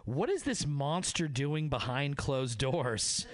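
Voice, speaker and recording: A man performing a crude stand-up comedy set, telling an animated story and acting out the people in it. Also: fairly high pitch, slow pace.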